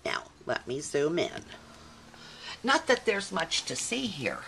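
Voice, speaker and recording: Older lady chatting about her scrapbook layouts at home, low voice, talks slow, gets sentimental. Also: wildly swooping pitch, creaky, noisy background. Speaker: scrapbooking channel host. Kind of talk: casual craft video chat.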